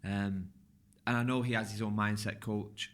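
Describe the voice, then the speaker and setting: A man hosting a podcast interview, talking in a relaxed, rambling way and restarting his questions as he goes. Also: on the low side, normal speed. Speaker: podcast host. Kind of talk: casual conversational interview.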